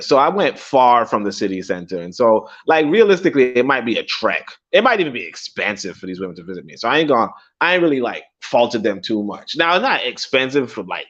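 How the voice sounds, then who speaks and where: A young man tells stories on a casual livestream. His pitch swings all over as he rambles, swears and repeats himself. The stream audio is dull and lo-fi. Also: a bit bright. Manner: rambling, profane, laughs often, repeats himself. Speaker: livestream host.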